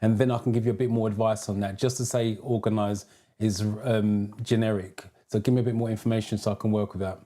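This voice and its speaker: A man's voice: fairly low pitch, fairly even intonation, quick pace, dark tone. A British man who teaches driving theory, hosting a live stream: he greets viewers by name, reads out their comments and gives advice.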